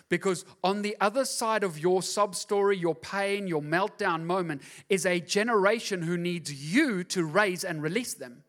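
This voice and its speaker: A man pastor preaching a lively sermon in church, dropping to soft asides and rising to loud urging, acting out quoted dialogue. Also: sits high, normal speed, hardly any pauses. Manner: acts out voices in quoted dialogue. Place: church service.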